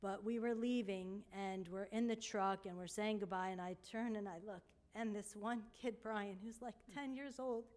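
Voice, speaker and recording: A woman's voice: mid-range voice, normal speed, few pauses. Earnest woman recounting to a congregation. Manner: earnest and heartfelt, with soft hushed moments. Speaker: church member reporting on a mission trip. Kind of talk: slideshow talk to a congregation. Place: church.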